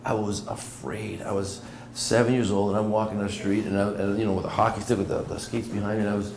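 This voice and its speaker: A middle-aged Canadian man telling stories in a casual interview at a café table, animated and repeating words as he goes. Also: fairly low pitch, fast talker, vocal fry, a crowd in the background. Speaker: guest, business owner. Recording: echoey room with steady background noise.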